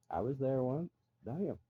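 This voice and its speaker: A man's voice: mid-range voice, phone-quality sound, a little hiss or hum. A middle-aged man ranting bluntly and profanely in a casual monologue. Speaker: vlogger.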